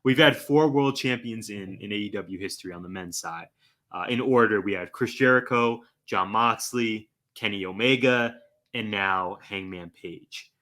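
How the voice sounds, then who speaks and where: A man's voice: on the low side, normal speed. A man hosting a wrestling podcast, plugging the channel and steadily putting questions to his co-host. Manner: steady, asks questions, reads tweets aloud. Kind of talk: casual chat with listener plugs.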